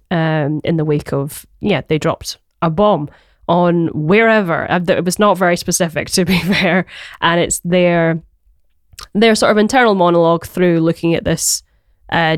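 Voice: medium pitch, clear, resonant tone, no room sound, clean studio sound. A Glaswegian songwriter from Scotland, chatting as a podcast guest in a rambling, hesitant way with many ums and laughs. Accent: Glaswegian Scottish. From Glasgow, Scotland. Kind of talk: casual podcast chat. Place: podcast recording.

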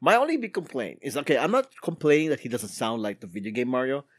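A man's voice: mid-range voice, huge pitch swings, fast talker, husky, no echo, studio quality. A man co-hosting a podcast in casual chat. He leads the topics and often agrees with "correct.". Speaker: podcast co-host.

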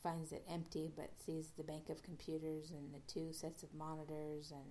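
A woman's voice: deep voice, monotone, moderate pace, warm tone, a little hiss or hum. A woman podcast host casually recapping an episode, rambling with many fillers and restarts.

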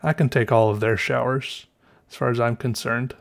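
A man's voice: mid-range voice, steady tone, moderate pace, creaky. A man with a Southern US accent talking to his viewers in a casual, meandering way, correcting himself and musing aloud. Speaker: vlogger. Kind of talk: casual rambling monologue.

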